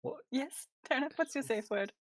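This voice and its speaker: A woman's voice: high voice, moderate pace, dry recording, clean studio sound. A woman playing a tabletop game over a voice call, teasing the group and laughing a lot. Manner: playful teasing, lively laughs. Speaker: player. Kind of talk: casual chat during a tabletop game. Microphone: home mic on a voice call.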